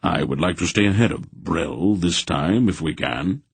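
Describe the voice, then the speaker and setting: A man reading an audiobook, voicing a terse, weary old male sorcerer who talks in a curt, measured way. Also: deep voice, animated, gravelly, breathy edge, dry recording, exaggerated voice. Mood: calm.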